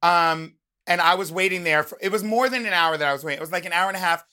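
Bright-voiced woman telling a lively story. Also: lowish voice, fast. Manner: animated storyteller who acts out quoted voices. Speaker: podcast guest. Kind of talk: casual podcast chat.

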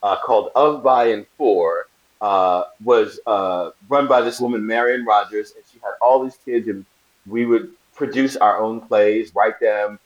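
A man's voice: fairly low pitch, measured pace, muffled recording. A man in his forties from Brooklyn, a guest in a casual interview, telling stories and acting out the voices of the people in them. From Brooklyn, New York. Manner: animated storyteller acting out quoted voices, laughing often. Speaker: actor guest.

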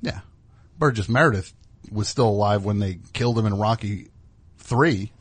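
A man's voice: fairly low pitch, moderate pace, slightly rough, no echo. A man hosting a radio show, rambling and riffing in casual comedic chat in a studio. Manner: rambling, riffing with put-on voices.

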